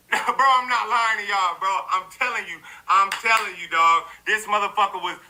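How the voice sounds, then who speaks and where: A man ranting in a profane, rambling social media commentary, animated and full of fillers. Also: high voice, normal speed, rough recording.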